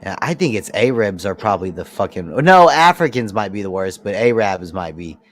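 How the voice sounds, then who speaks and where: A man talking haltingly in casual chat, restarting his sentences often. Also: lowish voice, lively intonation.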